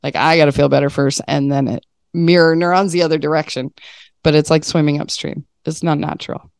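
A woman's voice: deep voice, flat delivery, brisk, gravelly, smooth, dry recording, clean studio sound. A woman in her thirties, a mother of young kids, chatting in a self-mocking way and laughing often. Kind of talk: casual podcast chat.

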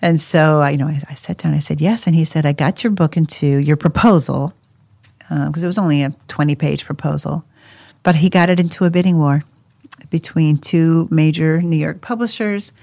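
A woman telling her own story in a casual podcast chat. She talks in an animated way, laughs often and acts out the voices of people she quotes. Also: low-pitched, brisk, vocal fry, no room sound. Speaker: co-host sharing her life story.

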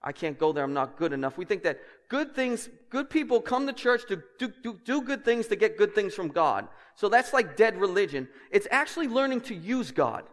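A male pastor delivers a sermon with passion, pushing his emphasis higher and louder, then dropping into easy asides with the congregation. His voice sits a little high for a man. The sound rings with the long reverb of a church hall. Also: animated, normal speed, hardly any pauses. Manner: passionate, emphatic preaching that climbs in pitch and volume.

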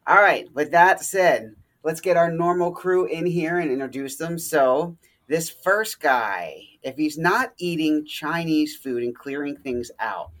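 A man's voice: on the high side, a little slow, hardly any pauses, a bit bright. Joking man hosting a sports podcast. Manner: joking, teasing, laughs often. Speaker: podcast host. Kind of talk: casual sports podcast chat.

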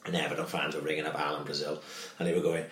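Deep-voiced sweary bloke. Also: male voice, flat delivery, very fast, a bit bright, roomy sound. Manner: sweary, rambling storyteller. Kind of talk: casual football chat.

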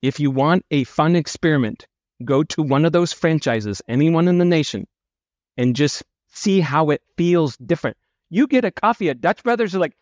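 A male podcast host with a slightly raised voice and a dry, close sound. He talks briskly and with animation, steering the conversation along. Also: on the high side, lively intonation, dry recording. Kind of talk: podcast discussion.

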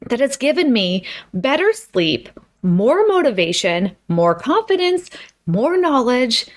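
A woman giving a chatty, emphatic motivational talk to her viewers, exclaiming often. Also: a little high. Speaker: host.

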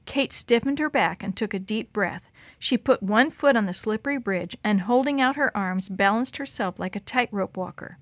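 A woman reads a story aloud with expressive, dramatic narration. Her voice sits at a middle pitch. The recording is dry and close, with no room echo. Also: normal speed.

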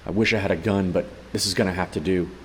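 A man's voice: low voice, fairly even intonation, quick pace, big-room sound, slight background noise, lightly acted. A man voicing a tough male cyborg major who talks bluntly and gives orders. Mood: gruff.

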